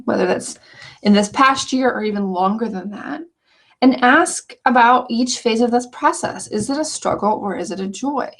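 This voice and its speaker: Earnest, chatty woman teaching a hobby course. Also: on the high side. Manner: earnest, chatty, with frequent restarts. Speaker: online scrapbooking teacher. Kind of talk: casual walkthrough of course lessons.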